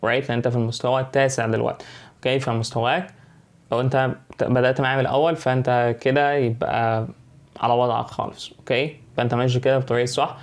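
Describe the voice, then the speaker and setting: Egyptian teacher mixing English and Arabic. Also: male voice, medium pitch. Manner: switches between English and Arabic, explaining patiently; repeats "okay" and "right" to check in with students. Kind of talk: online language lesson.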